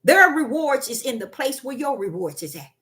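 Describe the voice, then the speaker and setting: High bright emphatic woman preaching. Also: sing-song, normal speed. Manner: repetitive, emphatic, swings between loud and soft. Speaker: self-styled prophet and preacher. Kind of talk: spontaneous sermon.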